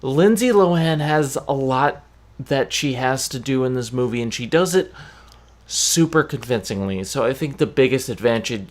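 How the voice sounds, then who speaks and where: A podcast host giving opinions in casual chat, deliberate and prone to restarts. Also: mid-range voice, expressive.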